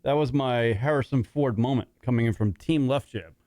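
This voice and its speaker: A man's voice: medium pitch, moderate pace, warm tone, no room sound, studio quality. Swearing rambling male radio host. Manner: swears constantly, rambling with fillers. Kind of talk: casual talk radio banter. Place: radio studio.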